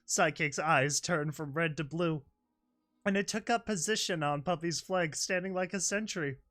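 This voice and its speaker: High-voiced man reading a fan story. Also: normal speed, a bit bright. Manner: laughs often and breaks off to react. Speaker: narrator and commentator.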